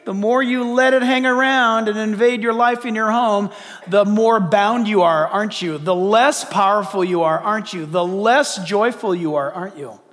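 A man preaching a sermon in a church, animated and direct, firing rhetorical questions at the congregation. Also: sits high, moderate pace. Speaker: pastor. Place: church hall. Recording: long hall reverb.

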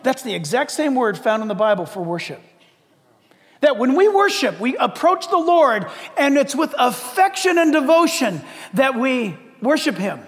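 A man preaching a sermon as pastor, in a lively conversational way with acted asides. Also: very high-pitched, big-room sound.

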